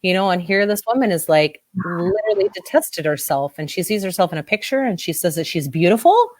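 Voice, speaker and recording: A woman's voice: very animated, a little fast, a little mellow, no echo, clean studio sound. Teary, gushing woman coach. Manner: emotional, gushing, quotes herself in high exclamations. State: teary-eyed. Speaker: body-image coach. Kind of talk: podcast interview guest telling a story.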